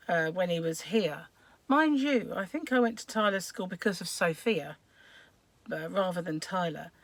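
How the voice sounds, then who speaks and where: Brief: middle-aged woman, croaky and a touch hoarse, rambling live-stream chatter, dry close sound. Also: lowish voice, dry recording. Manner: chatty, rambling, greets viewers by name. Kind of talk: casual live stream chat.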